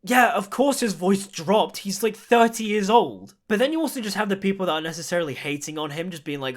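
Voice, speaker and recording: A man's voice: high voice, brisk, few pauses. A man giving a chatty, enthusiastic film review in a casual video.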